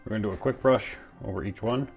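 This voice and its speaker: Over soft background music, a man hosts a casual home cooking vlog, baking, eating, and chewing as he jokes playfully and talks to himself. His lowish voice is fast and has vocal fry.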